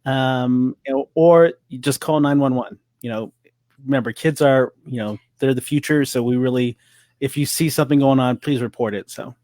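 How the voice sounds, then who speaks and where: A man in a casual chat who speaks haltingly, with many fillers. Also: mid-range voice, darkish tone, no echo.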